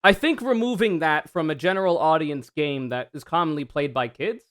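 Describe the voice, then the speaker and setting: A man streaming a reaction to another video, talking casually with sarcastic, animated commentary and free swearing. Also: on the high side, moderate pace.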